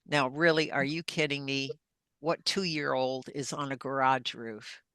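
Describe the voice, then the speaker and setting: A woman's voice: rumbling low, steady tone, a little slow, fairly bright tone, dry recording. An older woman, a podcast guest, earnestly recounting a personal story in vivid detail. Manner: earnest, vivid retelling with acted-out dialogue.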